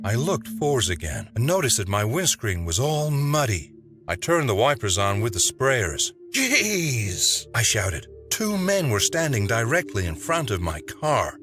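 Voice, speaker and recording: A man's voice: mid-range voice, big pitch swings, normal speed. A man narrating a first-person horror story in a dramatic, tense way. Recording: narration over music.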